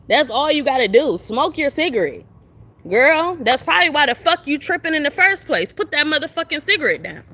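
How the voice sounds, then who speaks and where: A woman's voice: high voice, sing-song, normal speed, fairly bright tone. A young woman ranting on a phone live stream outdoors at a shelter, confrontational and profane, firing the same questions again and again. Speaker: livestreamer. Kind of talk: venting live-stream rant.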